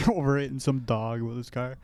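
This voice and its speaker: A man co-hosting a casual podcast, laughing often and throwing in quick jokes. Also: medium pitch, fairly even intonation, darkish tone. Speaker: podcast co-host. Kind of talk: casual chat.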